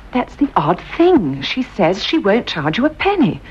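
An actress playing an eager, credulous woman in an old radio drama, stammering when excited. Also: medium pitch, measured pace, muffled recording, slight background noise. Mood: eager, awed.

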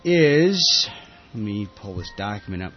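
A man's voice: on the low side, sing-song, measured pace, muffled recording, faint music behind. A man hosting a casual tech podcast, rambling and laughing with many fillers. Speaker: podcast host. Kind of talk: casual tech show chat.

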